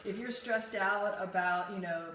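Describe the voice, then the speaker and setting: A woman's voice: mid-range voice, measured pace, a bit bright, roomy sound, recorded from a distance, slight background noise. A woman co-hosting a live fitness show, talking in a chatty, casual way full of fillers. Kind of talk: casual live-stream chat.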